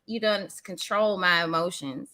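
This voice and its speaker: A woman content creator speaks frankly as a podcast guest. Her delivery is lively and playful, with an open, conversational manner. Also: on the low side, measured pace. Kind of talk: casual chat.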